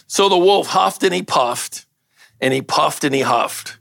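A man's voice: fairly high pitch, unhurried, creaky, a bit bright, no room sound. An older man, a pastor, giving a casual sermon, reading a story aloud and bantering with his audience.

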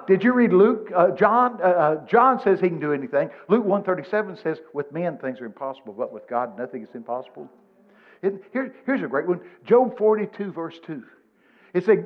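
A man, preaching a sermon in a folksy, animated storytelling way, quoting scripture. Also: sits high, fairly quick, lo-fi sound. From Texas. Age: 70s.

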